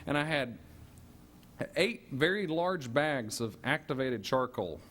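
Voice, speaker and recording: A man telling a personal story in a lively way, stammering and restarting as he goes. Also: medium pitch, slow. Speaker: storyteller giving a testimony.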